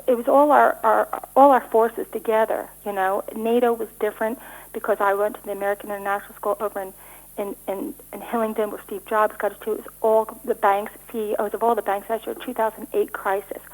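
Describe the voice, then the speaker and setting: A middle-aged woman answers interview questions in a rapid, breathless stream. She stumbles, repeats words and restarts her sentences. Her pitch sits in an ordinary middle range. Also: level tone, low-quality recording. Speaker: interview guest.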